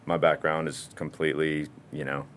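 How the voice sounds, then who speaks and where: A man's voice: a bass voice, level tone, normal speed, fairly bright tone, a little hiss or hum. A young man talking casually and rambling about his mural work, with frequent swearing and laughs. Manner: laid-back, rambling, swears and laughs often. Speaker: muralist guest. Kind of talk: casual chat.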